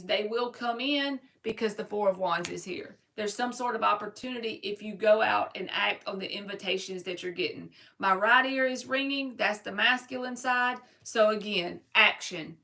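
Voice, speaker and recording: A woman's voice: medium pitch, creaky, a bit bright. A woman doing a casual live tarot reading, chatty and playful. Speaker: tarot reader.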